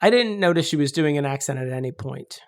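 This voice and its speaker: A woman's voice: deep voice, animated, fast. A woman co-hosting a podcast, chatting casually about a movie and joking and laughing often. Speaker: podcast co-host. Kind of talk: casual movie-review chat.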